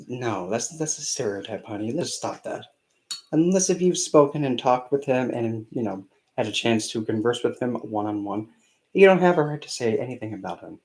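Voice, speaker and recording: A man's voice: mid-range voice, a little mellow, low-quality recording. A man channeling a spirit on a live stream, talking in a sassy, scolding way and calling listeners honey.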